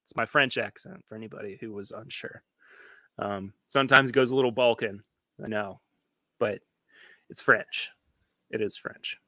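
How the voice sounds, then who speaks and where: Bright, dry-sounding man hosting a stream. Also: lowish voice, fairly even intonation, normal speed, pauses often, no echo. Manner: rambling, restarts sentences, reads viewer comments aloud. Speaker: podcast host. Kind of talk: casual live-stream chat. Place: home studio with a bar.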